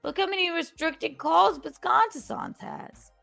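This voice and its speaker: A woman's voice: very high voice, wildly swooping pitch, unhurried, creaky, pushed and bright, soft background music. A woman with a New York accent hosting a casual livestream chat, teasing and rambling with fillers, a bit under the weather. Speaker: podcast host.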